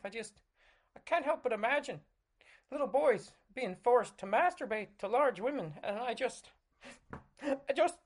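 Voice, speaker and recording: A man doing a comedic impression of a self-serious male pundit, halting and tearful. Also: very high voice, exaggerated voice. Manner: halting, choked-up and pleading.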